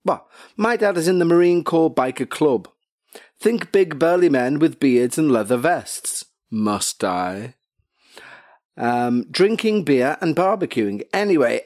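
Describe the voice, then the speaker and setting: A man's voice: on the high side, lively intonation, a little slow, a little mellow, no room sound. Jokey man hosting, dry sound. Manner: jokey, rambling asides. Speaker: podcast host. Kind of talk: casual chat and story reading. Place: home couch.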